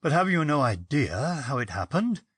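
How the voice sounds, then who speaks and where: A man doing an anxious, puzzled gentleman. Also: fairly high pitch, big pitch swings, normal speed, slightly rough, dry recording, clean studio sound, exaggerated voice. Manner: anxious, questioning.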